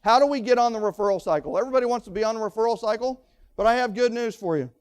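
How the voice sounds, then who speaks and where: High-voiced energetic male seminar speaker. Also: very fast, clean tone. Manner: energetic, fires rhetorical questions at the audience; punchy short phrases, repeats for emphasis. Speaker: motivational speaker at a real estate seminar. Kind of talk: live seminar talk to an audience.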